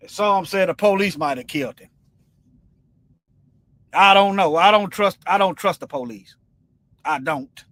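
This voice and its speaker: High, bright-voiced man preaching emphatically. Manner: colloquial, rambling, emphatic preaching. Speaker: livestream Bible teacher. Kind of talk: informal livestream Bible teaching.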